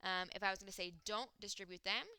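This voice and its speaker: Bright, crisp-voiced woman teaching Spanish. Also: medium pitch, fairly even intonation, quick pace, no room sound. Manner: explains step by step, with frequent "um" and "okay". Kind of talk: recorded classroom lesson.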